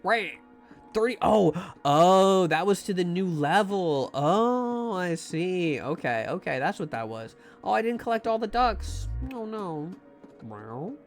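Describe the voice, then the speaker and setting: Brief: young male streamer, lively slightly high voice, loose joking commentary to chat. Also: slow pace, soft background music. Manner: rambling, jokey, lots of restarts and asides. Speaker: livestreamer playing a horror game. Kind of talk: casual gameplay commentary to chat.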